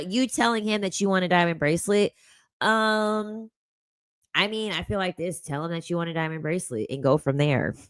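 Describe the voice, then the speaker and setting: A woman's voice: mid-range voice, a bit bright, smooth, dry recording. A woman, hosting a casual commentary chat, blunt and sassy, often repeating her phrases. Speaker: commentary host reading chat.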